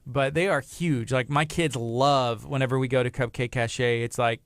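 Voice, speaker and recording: A man's voice: mid-range voice, fairly even intonation, fairly quick, dry recording, studio quality. A man in his thirties co-hosting a morning radio show, chatting casually, telling anecdotes and laughing often.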